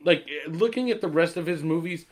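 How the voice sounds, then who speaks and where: A man's voice: on the high side, a little fast. A man co-hosting a podcast, chatting casually in a hesitant, wry way. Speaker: podcast co-host. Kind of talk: casual chat.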